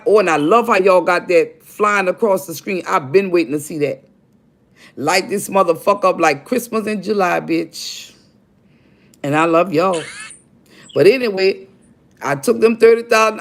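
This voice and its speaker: Gravelly, profane older woman storyteller. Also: medium pitch. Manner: blunt, profane, addresses viewers directly as y'all. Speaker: livestream host. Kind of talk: confessional storytelling to a live audience.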